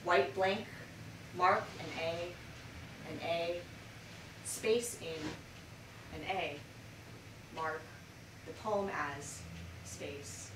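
Woman poet, expressive poetry reading, lowish voice, roomy far-off sound, background noise. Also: very slow, long pauses. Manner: expressive reading with dramatic swings in loudness. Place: bookshop reading room.

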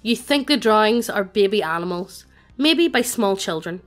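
A synthetic woman's voice reading the lines of a deadpan dungeon master. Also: medium pitch, moderate pace, soft background music, lightly acted. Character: dry, deadpan dungeon master of either sex.

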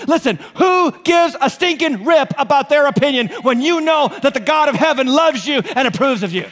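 A male pastor with a New England accent preaching an animated sermon, joking and throwing rhetorical questions at the congregation in a church auditorium. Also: extremely high pitch, a little fast, hardly any pauses. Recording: long hall reverb.

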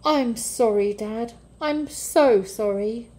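A woman's voice: fairly high pitch, takes it slowly, a little mellow, pitched above the performer's own voice. A woman voicing a repentant young son in a storybook reading, pleading and sorry. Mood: remorseful.

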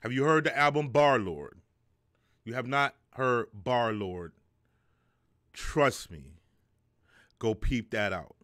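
Hosting a live stream, a middle-aged man chats casually, loosely and with profanity, cracking jokes and reading chat messages out loud. He speaks slowly at a medium pitch, expressive and a bit bright, with long pauses.

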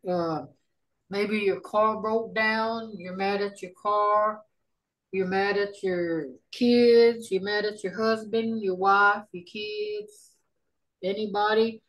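A middle-aged woman leads a casual language class over a video call. She talks slowly and in a folksy way, pausing often to think aloud. Her pitch sits in an ordinary middle range. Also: low-quality recording. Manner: unhurried, folksy, thinks aloud with many fillers. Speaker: language teacher.

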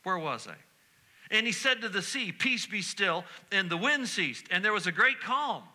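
A middle-aged male pastor delivers a sermon from the pulpit of a church. His voice sits high for a man and rings very bright and forceful. He drives home repeated refrains and climbs into sudden shouts. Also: sing-song, normal speed. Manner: preaching with call-and-response repetition and sudden shouts. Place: church sanctuary.

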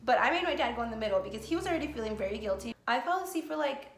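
Gravelly-voiced woman rambling in an echoey room. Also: fairly high pitch, animated, very fast, slight background noise. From United States. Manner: rambling, frequent swearing and "like" fillers. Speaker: vlogger. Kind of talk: casual storytime vlog.

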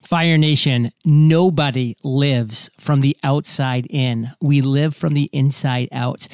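Male podcast host; emphatic, speaks straight to listeners in a slightly high voice, dry close sound. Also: a little mellow, no echo. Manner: emphatic, addresses listeners directly. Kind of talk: energetic podcast hosting.

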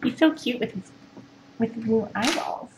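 A woman hosting a kitten rescue live stream, talking in cooing baby talk that often drops to a hushed whisper. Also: fairly high pitch, animated, moderate pace, recorded from a distance. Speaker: kitten rescue livestream host. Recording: echoey room with clear background noise.

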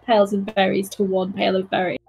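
A woman playing in a tabletop game, describing her character gently with casual fillers. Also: medium pitch, completely flat delivery, brisk, vocal fry, soft background music, low-quality recording. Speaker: player.

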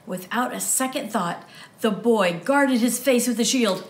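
A woman reading a storybook to children at an unhurried pace, her voice pitched a little high. She reads expressively and breaks off to talk to the kids. The room echoes. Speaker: children's ministry teacher.

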